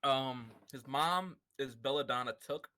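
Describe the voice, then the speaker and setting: A man's voice: mid-range voice, measured pace, a loud crowd. A man co-hosting a book club podcast, rambling casually with plenty of filler words and frequent laughter. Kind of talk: casual chat.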